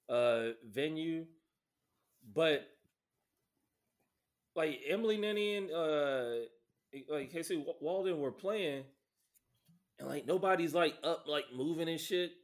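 A man in casual podcast chat, laid-back and profane, with many pauses and fillers. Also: fairly high pitch.

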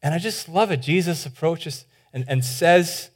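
A pastor giving a sermon in an informal, animated way. He often says "like", restarts his sentences and acts out the voices in the stories. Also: on the high side, unhurried.

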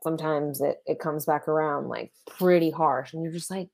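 A woman's voice: low-pitched, steady tone, moderate pace, vocal fry, a little mellow. A young woman co-hosting a podcast, rambling with many fillers. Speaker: podcast co-host. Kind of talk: casual podcast chat.

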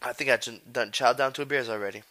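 A man's voice: medium pitch, steady tone, quick pace, pushed and bright. A man hosting a podcast, talking in loose, profane street slang and rambling from one thought to the next. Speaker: podcast host. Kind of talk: casual chat.

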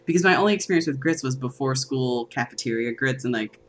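A woman's voice: very deep voice, fast, slight background noise. A woman co-hosting a podcast, enthusiastic and full of fillers and agreeing sounds. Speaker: podcast co-host. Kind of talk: casual chat.

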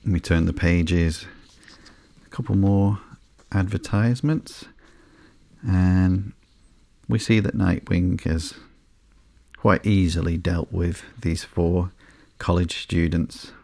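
A man hosting a podcast, reading through a comic book in a slow, sleepy, monotone way with soft fillers. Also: deep voice, vocal fry, dry recording. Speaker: podcast host.

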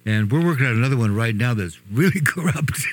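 A man's voice: medium pitch, animated, quick pace. A man hosting a radio talk show, joking around and laughing often as he chats.

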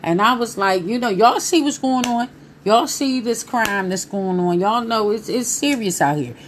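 A woman in her thirties telling viewers a personal story in a casual, animated way, talking straight to them. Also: a little high, normal speed, a little hiss or hum.

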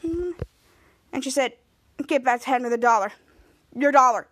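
A woman's voice: high voice, a little slow, a bit bright, no room sound. A woman podcast host casually recapping a TV episode, retelling scenes with lots of quoted lines.

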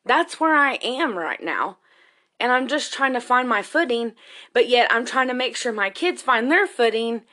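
A woman's voice: on the high side, expressive, moderate pace, bright, forceful tone. A woman, a single mother, talking candidly and emotionally in a rambling personal monologue, swearing freely.

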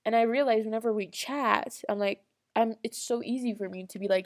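A woman's voice: fairly high pitch, fairly quick. A young woman talking casually and earnestly to her audience, rambling with restarts and small laughs. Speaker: vlogger. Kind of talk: casual personal monologue.

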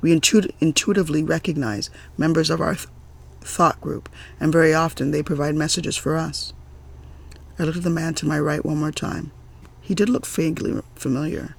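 A man reading a novel aloud in an amateur audiobook, with occasional stumbles and restarts. His voice is gravelly and husky, pitched somewhat high for a man. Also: fairly even intonation, moderate pace. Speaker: audiobook reader.

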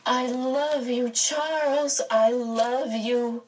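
Teen girl storybook voice, raised pitch, slow and teary, read by a woman, distant mic. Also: steady tone, a little hiss or hum. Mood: tearful love. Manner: slow, tearful, earnest cries. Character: teenage girl, emotional and brave.

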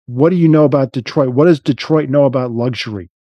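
A man's voice: mid-range voice, fast talker, husky, no room sound, highs cut off. A man co-hosting a podcast in casual chat, rambling with many restarts and fillers.

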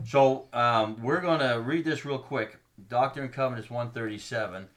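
A man's voice: mid-range voice, normal speed, a bit bright, faint music behind. A man co-hosting a casual faith podcast, reading scripture aloud and explaining it earnestly, stopping with ums to find his place. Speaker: podcast co-host.

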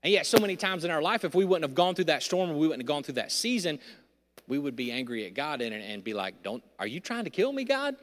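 Male pastor, slightly high voice, confessional sermon, church reverb. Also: quick pace. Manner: candid, self-deprecating, swings from shouting to hushed. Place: large church hall.

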